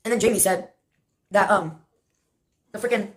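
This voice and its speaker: A woman's voice: medium pitch, moderate pace. A woman from Texas in a rambling, sarcastic monologue, swearing and laughing often as she jumps between topics. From Brownsville, Texas.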